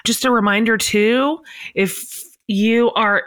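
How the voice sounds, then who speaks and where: Bright, upbeat woman podcast host. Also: fairly high pitch, steady tone, slow. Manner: upbeat, affirming, chatty. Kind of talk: casual remote interview.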